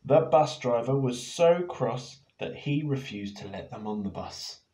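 A man reading his picture book aloud to children in a playful, expressive way, now and then turning to ask them questions. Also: medium pitch, measured pace. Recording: echoey room.

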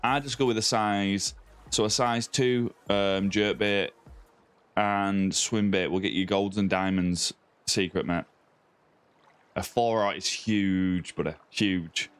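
Australian man, low voice, easygoing streamer. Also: fairly even intonation, takes it slowly, a bit bright, clean tone. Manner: friendly, greets viewers by name, calls them mate and buddy. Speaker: game streamer. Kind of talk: casual live-stream chat reading viewer comments. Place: home streaming setup with a ring light.

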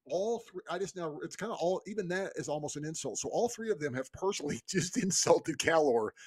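A man's voice: fairly high pitch, animated, a little fast, slightly rough. A man co-hosting a book podcast, enthusiastic and casual, laughing often. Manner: enthusiastic, says "dude" a lot, laughs often. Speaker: podcast co-host. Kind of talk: casual book discussion chat.

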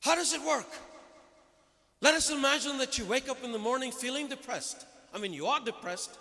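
A man's voice: very high-pitched, brisk, creaky, sharp tone. A man preaching a sermon, emphatic and putting rhetorical questions to his listeners. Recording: long reverb of a large hall.

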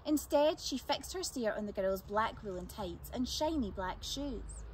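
A woman reading a chapter book aloud for children, with expressive, lively narration. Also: a little high, measured pace, slight background noise. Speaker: storyteller.

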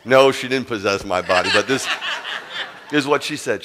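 A man preaching a sermon as a rabbi, telling a story with humor, moving from quiet asides to loud punchlines. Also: mid-range voice, expressive, normal speed.

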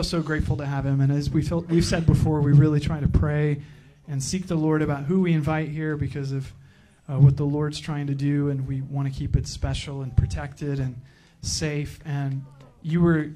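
A man at a church pulpit gives a loose, joking introduction, stumbling through fillers and restarts. His voice sits a little high for a man but has a soft, mellow tone. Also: flat delivery, moderate pace, few pauses. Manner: joking, rambling, with many fillers. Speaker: church pastor introducing a guest speaker. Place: church sanctuary.

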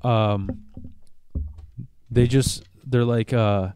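A man's voice: medium pitch, steady tone, drawn-out words, warm tone, clear, resonant tone, no room sound, studio quality. Crude, laughing man on a podcast. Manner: crude, laughs at his own stories. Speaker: podcast co-host. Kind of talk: casual podcast chat.

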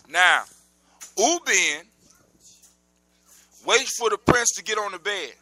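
A man telling a folk tale live to children in a lively, animated way, with sound effects and shouted outbursts. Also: sits high, slow, poor audio. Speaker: storyteller. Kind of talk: live oral storytelling to children.

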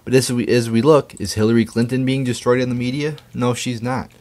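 In a fairly quick, medium-pitched voice with a darkish tone and little pitch movement, a political commentator goes on an angry political rant. He curses frequently, stammers, keeps restarting his sentences and sounds indignant throughout.

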